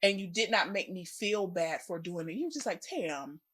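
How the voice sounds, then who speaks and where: Woman, podcast co-host, casual chat, animated storytelling, swings high and low. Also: normal speed. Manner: animated storyteller, acts out quoted voices with laughter.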